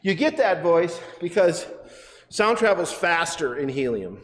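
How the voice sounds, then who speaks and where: Science center guy rambling thru a demo, bit high voice, big echoey hall. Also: sing-song, takes it slowly. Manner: chatty and rambling, self-correcting, laughs often. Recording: echoey hall with faint noise.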